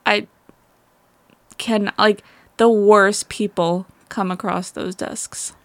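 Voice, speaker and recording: A woman's voice: mid-range voice, fairly even intonation, slow, fairly bright tone, no room sound. A woman co-hosting a podcast in casual chat, blunt and frank, swearing freely as she complains. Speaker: podcast co-host.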